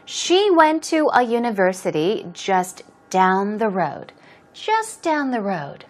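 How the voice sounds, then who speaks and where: A woman's voice: mid-range voice, very animated, takes it slowly. A woman teaching English, patiently going through a dialogue and explaining words and stress step by step.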